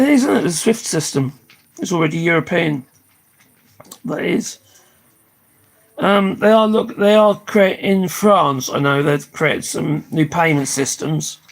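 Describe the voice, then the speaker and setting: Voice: medium pitch, unhurried, vocal fry, low-quality recording. An older speaker chatting casually on a live stream, tired and losing their voice, swearing freely and laughing often.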